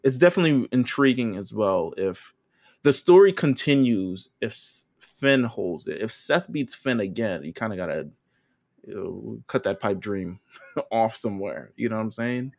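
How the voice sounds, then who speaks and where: Low gravelly male podcast co-host. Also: normal speed. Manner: relaxed, loose with fillers and slang. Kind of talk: casual chat.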